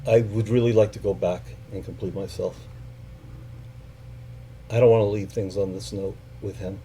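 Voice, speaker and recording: With a lowish voice, a middle-aged man performs a live personal story, animated and swearing as he plays out each person in it. Discussing his family, his delivery turns soft and halting, over slight background noise.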